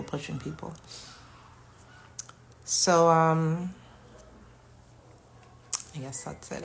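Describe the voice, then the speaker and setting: A woman around forty, talking candidly and warmly about her self-healing in a casual vlog, sometimes dropping to a soft whisper. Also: on the low side, vocal fry, a little hiss or hum. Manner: chatty, candid, self-affirming. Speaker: vlogger.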